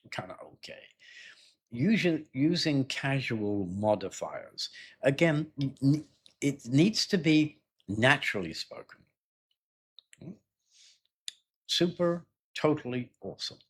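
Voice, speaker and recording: A man's voice: fairly low pitch, a bit bright, slightly rough. A middle-aged man teaching IELTS speaking in a chatty way, checking in with "yeah?" and acting out sample dialogues. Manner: chatty, stops to ask "yeah?" and "right?"; acts out sample dialogues in a raised voice. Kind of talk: live lesson talk.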